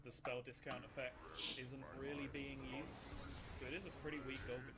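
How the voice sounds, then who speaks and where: A man's voice: medium pitch, little pitch movement, a little fast, heavy background noise. A man doing live commentary on a card game, analytical and chatty, joking with the viewers. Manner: analytical, chatty, jokes with chat. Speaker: esports caster. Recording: broadcast with loud music behind.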